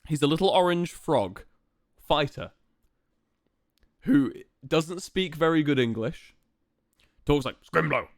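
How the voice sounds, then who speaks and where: A man's voice: mid-range voice, no room sound, studio quality. A young man streaming live, chatting casually and playfully to his viewers with lots of fillers.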